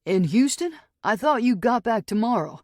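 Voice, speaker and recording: A woman voicing a gentle, teasing male bartender who speaks softly with a Texan accent. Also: very high voice, big pitch swings, normal speed, no room sound, clean studio sound, voice pushed up, exaggerated voice. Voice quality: soft voice.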